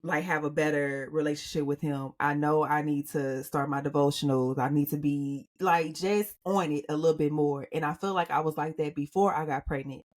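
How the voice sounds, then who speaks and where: Woman podcast co-host, deep low voice, earnest, halting casual talk. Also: fairly even intonation, a little mellow. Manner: earnest, searching for words. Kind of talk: casual chat.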